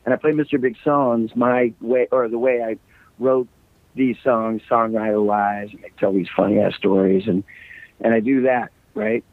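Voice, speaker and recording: A man's voice: mid-range voice, fairly even intonation, normal speed, dry recording. A middle-aged man, a rock singer, chatting loosely as a guest, his voice a little scratchy, joking and rambling through stories. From United States. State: slightly scratchy voice. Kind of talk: casual interview chat. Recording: dry, tinny call line.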